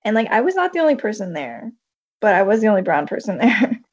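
A woman's voice: mid-range voice, big pitch swings, fast talker. A woman co-hosting a podcast, speaking in a reflective way and using lots of fillers. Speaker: podcast co-host. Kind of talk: casual chat. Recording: dull lo-fi mic.

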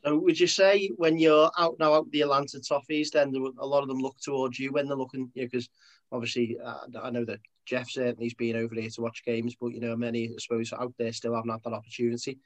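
Fast-talking man hosting an interview. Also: medium pitch, flat delivery, rough recording. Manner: rambling, friendly questions. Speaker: podcast host. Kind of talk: casual interview.

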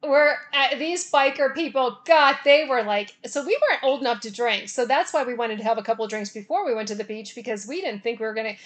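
A woman telling a funny personal story in a casual, animated way, laughing and often checking in with "okay?". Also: on the high side, fairly quick, hardly any pauses.

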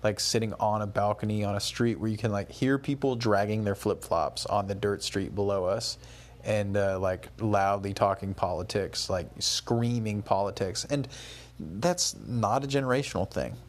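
Young male vlogger, lowish voice, loose rambling travel-diary talk full of fillers. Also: moderate pace. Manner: rambling and conversational, with many fillers and restarts. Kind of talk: casual spoken travel diary.

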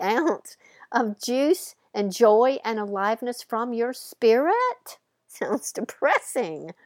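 A woman's voice: fairly high pitch, darkish tone, no room sound, studio quality. A woman hosting a podcast, telling a story playfully and dramatically with voiced characters. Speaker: podcast host. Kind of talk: storytelling monologue.

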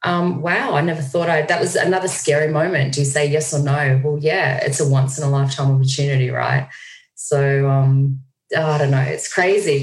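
A woman with a low voice, chatting as a guest over a video call. She tells her stories with energy and acts out the lines people said to her. The sound is roomy and echoey. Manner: animated storyteller, acts out quoted lines. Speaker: guest speaker. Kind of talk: casual video-call conversation. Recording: echoey room.

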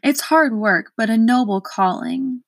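A woman's voice: a little high, a little slow, no echo, clean studio sound, close to an everyday voice. A woman voicing a proud, fussy male watchdog who makes grand speeches.

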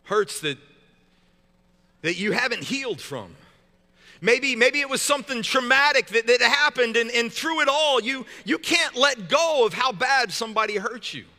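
High, bright-voiced pastor preaching in a hall. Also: male voice, lively intonation, normal speed. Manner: conversational and joking, with many repeated restarts. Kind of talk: sermon.

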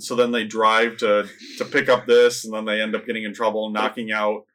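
A man's voice: lowish voice, fairly quick. A man in casual chat, rambling through movie plots and acting out lines from them. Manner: rambling, animated retelling of plots, acts out lines. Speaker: podcast co-host reviewing movies.

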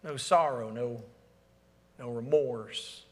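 A man preaching a sermon as pastor, asking the congregation to fill in words and swinging between emphatic calls and hushed, near-whispered lines. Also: mid-range voice, slow. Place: church sanctuary. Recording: long hall reverb.

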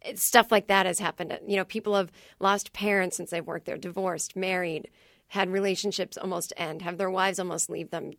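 Woman comedy writer, podcast guest. Rapid, rambling storyteller who acts out quotes. Dry booth sound. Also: lowish voice, fairly even intonation, a bit bright, no echo. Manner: chatty, fast storytelling with many "like"s and acted-out quotes. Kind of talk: casual podcast interview.

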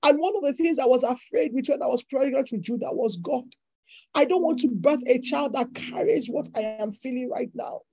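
A woman's voice: high voice, moderate pace, warm tone, no echo, rough recording. A woman preacher delivering a fervent sermon with repeated declarations.

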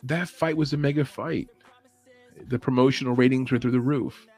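Guy on a podcast rambling his opinions, chuckles a lot, average pitch, bit of faint music behind. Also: steady tone, normal speed, a little mellow. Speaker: podcast host. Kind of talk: casual opinion chat.

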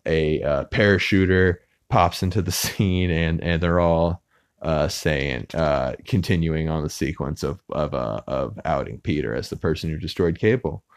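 A man's voice: a bass voice, measured pace, dry recording, clean studio sound. A man hosting a podcast, casually recapping a TV episode with many filler words and restarts. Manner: rambling, lots of "uh" fillers. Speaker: podcast host. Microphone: podcast mic.

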